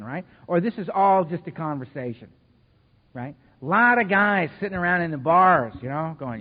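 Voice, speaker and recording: A man speaking at a recovery meeting, telling his story in an animated, self-mocking way. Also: fairly high pitch, normal speed. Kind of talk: storytelling talk to a live meeting. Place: meeting hall. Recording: echoey hall, dull lo-fi sound.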